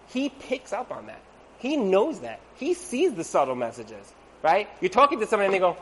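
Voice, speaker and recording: High-voiced man teaching a casual Torah class. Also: huge pitch swings, brisk. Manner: conversational, asks rhetorical "right?", acts out quoted voices. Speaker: lecturer on Torah and marriage.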